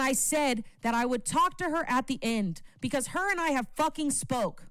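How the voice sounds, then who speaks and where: A woman's voice: sits high, animated, normal speed, few pauses, clear, resonant tone, dry recording. A woman giving an impassioned, profane livestream speech, repeating phrases for emphasis. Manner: profane, rising from earnest praise to yelling. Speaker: livestream panelist.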